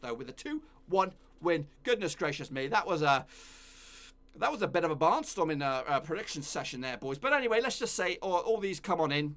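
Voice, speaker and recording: A man's voice: high voice, a bit bright. A man hosting a football predictions stream, chatting casually and rambling, with mild swearing and self-corrections. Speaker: football prediction channel host.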